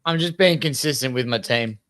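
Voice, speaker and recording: A man's voice: mid-range voice, brisk, a bit bright, no room sound. An Australian man on a casual sports chat show, easygoing and good-humoured. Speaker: co-host. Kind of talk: casual banter.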